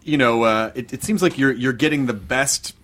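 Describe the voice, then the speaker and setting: A man's voice: medium pitch, moderate pace, fairly bright tone. Eager man asking podcast questions. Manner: enthusiastic questions, loosely phrased with fillers. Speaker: podcast co-host. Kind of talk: casual interview chat.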